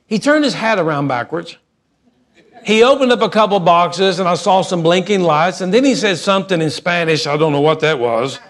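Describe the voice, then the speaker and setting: A middle-aged man, preaching a sermon in a folksy, animated storytelling manner, alternating quick asides with slow emphasis. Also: high voice. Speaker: pastor.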